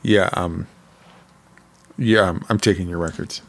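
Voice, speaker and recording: A man's voice: deep voice, steady tone, a little slow, vocal fry. A man co-hosting a podcast, telling a story with lots of ums. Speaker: podcast co-host. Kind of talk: casual podcast chat.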